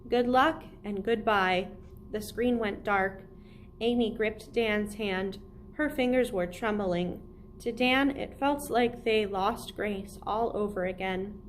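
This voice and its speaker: A woman librarian reading a middle-grade novel aloud in a clear, steady storytelling voice. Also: mid-range voice, slow, a little hiss or hum. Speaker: children's librarian.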